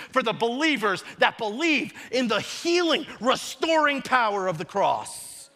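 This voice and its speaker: A young man preaching a sermon, moving between casual storytelling asides and loud emphatic shouted declarations. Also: very high voice, very animated, a little slow. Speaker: pastor.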